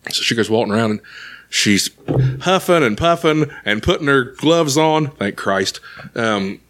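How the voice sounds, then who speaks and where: A man's voice: mid-range voice, measured pace. A man telling a long comic story on a podcast, swearing freely and acting out the people in it. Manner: profane, animated, acts out characters. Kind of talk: casual comedic storytelling.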